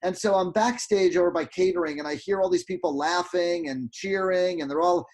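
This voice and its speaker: A man's voice: sits high, brisk. Man telling a story on a video call. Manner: animated, lots of restarts and fillers. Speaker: guest photographer.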